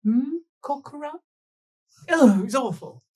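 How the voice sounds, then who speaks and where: A husky man narrates an improvised tabletop role-play in character, rambling and giggling through fillers and restarts. His voice leaps up and down in pitch as he tells the tale. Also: very animated, normal speed, fairly bright tone. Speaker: player telling his character's story.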